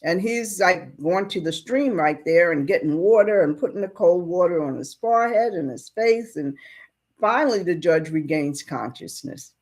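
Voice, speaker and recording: A woman's voice: on the low side, moderate pace. A woman preacher retelling a story and drawing a moral, asking questions of her listeners. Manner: animated, asks the listeners questions. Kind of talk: sermon storytelling.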